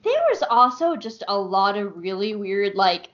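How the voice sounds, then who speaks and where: A woman's voice: mid-range voice, sing-song, unhurried, a bit bright. A woman co-hosting a podcast, chatting casually about a cartoon series, chatty with frequent laughs and fillers. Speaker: podcast co-host. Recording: dull lo-fi sound.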